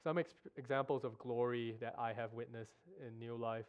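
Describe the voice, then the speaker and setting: A man preaching a sermon in a church, earnest and emotional, halting with restarts as he speaks. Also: medium pitch, little pitch movement, clear, resonant tone, dull audio. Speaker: guest preacher. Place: church sanctuary.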